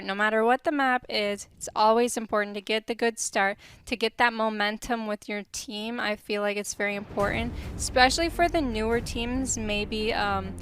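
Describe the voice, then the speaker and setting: A woman's voice: on the high side, fairly bright tone. A woman giving casual analyst commentary on an esports match, friendly and chatty with frequent fillers.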